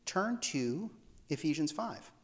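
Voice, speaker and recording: A man's voice: on the high side, very animated, slow pace. A man preaching a casual, conversational sermon in a church service, with joking asides and restarts. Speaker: pastor.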